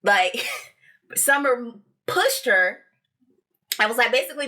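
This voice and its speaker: A woman's voice: on the high side, slow, long pauses, pushed and bright. A woman co-hosting a podcast, recapping a reality show in casual chat, blunt and profane, laughing often. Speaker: podcast co-host.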